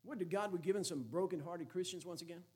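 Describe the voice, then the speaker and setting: A man's voice: high-pitched, quick pace, a little mellow. A man preaching a sermon as a Baptist pastor, folksy and joking, then emphatic.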